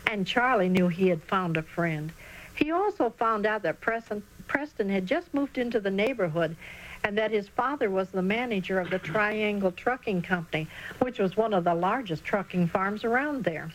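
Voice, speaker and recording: A woman narrating a children's Christian storybook in an expressive reading voice. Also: mid-range voice, normal speed, rough recording.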